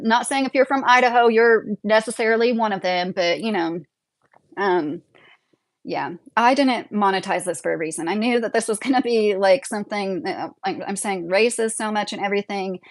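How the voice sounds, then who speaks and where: A woman's voice: on the high side, no room sound. Chatty opinionated young woman livestreaming. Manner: rambling, opinionated, laughs often. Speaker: livestream host. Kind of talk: casual livestream commentary.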